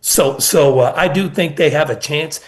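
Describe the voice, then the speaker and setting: A middle-aged man with a voice on the high side, speaking at a moderate pace, tells earnest stories on a sports radio show. He's a guest and former college basketball assistant coach who repeats key points for emphasis.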